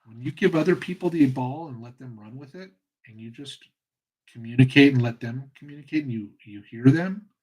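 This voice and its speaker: This man talks with a husky, slightly rough voice at a middling pitch. He speaks earnestly and with passion, pausing and restarting as he reflects on his own experience. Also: a little mellow, low-quality recording. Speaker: host. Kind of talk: reflective solo talk.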